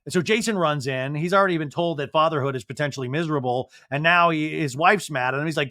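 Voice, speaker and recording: A man hosting a podcast, recapping a show in a jokey, animated way and acting out quotes. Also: fairly high pitch, quick pace, few pauses, dry recording, clean studio sound. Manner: animated, jokey, acts out quotes in different voices. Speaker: podcast host. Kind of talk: casual recap commentary.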